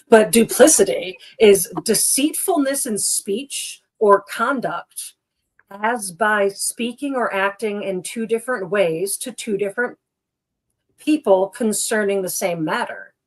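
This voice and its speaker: A woman co-hosting a relaxed chat show, talking in a loose, rambling way. She restarts her sentences often and fills them with "like". She stays animated throughout and laughs easily at herself. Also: medium pitch, takes it slowly. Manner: chatty and rambling, full of "like" and restarts. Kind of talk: casual chat.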